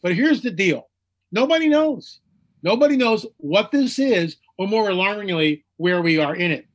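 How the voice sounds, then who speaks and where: A man with a notably high-pitched voice speaks as an interview guest. He talks emphatically, hammering home repeated phrases and slipping into mocking voices when he quotes others. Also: expressive, moderate pace. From United States. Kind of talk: animated interview talk.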